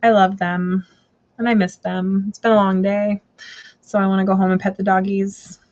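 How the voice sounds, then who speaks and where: A woman's voice: medium pitch, level tone, normal speed, a little mellow. A woman hosting a casual live tarot stream, rambling and chatty with lots of fillers and restarts. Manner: rambling, chatty, full of fillers and self-corrections. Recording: dull lo-fi stream audio.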